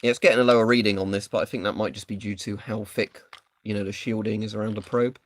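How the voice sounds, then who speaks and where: A man's voice: fairly low pitch, level tone, fast talker. A man doing a casual live stream, chatting and thinking aloud while he tests equipment.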